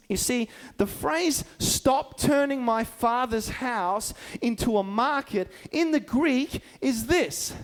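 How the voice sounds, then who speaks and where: A man preaching a sermon as a pastor, talking in a conversational way and often checking in with his listeners with rhetorical questions. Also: very high voice. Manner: conversational, keeps asking the listeners "right?".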